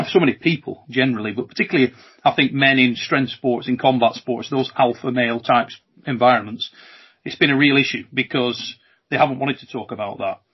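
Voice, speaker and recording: A host with a husky, mid-pitched voice, heard through a dull, lo-fi recording. He asks reflective, probing questions at an easy conversational pace. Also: fairly quick. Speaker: interview host. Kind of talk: conversational interviewing. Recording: dull lo-fi sound.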